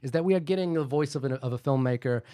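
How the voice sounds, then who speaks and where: A man co-hosting a casual movie podcast, talking in long, halting sentences full of fillers and restarts. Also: mid-range voice, dark tone, no room sound, studio quality. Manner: rambling, halting with many fillers. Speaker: co-host.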